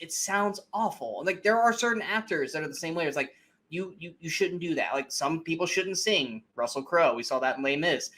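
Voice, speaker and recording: A man's voice: on the high side, bright, forceful tone. A young man co-hosting a podcast, giving blunt, swear-heavy opinions about movies in casual chat. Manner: blunt, profane, emphatic opinions. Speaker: podcast co-host. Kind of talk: casual film discussion.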